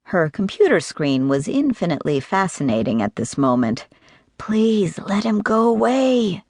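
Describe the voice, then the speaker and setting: A woman reading romance narration for an audiobook in a measured, even way. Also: deep voice, breathy edge, dry recording, studio quality.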